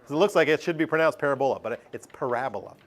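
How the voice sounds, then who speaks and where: A man's voice: a little high, very fast. A middle-aged man teaching a math lesson over a screen recording, chatty, thinking aloud and putting questions to himself.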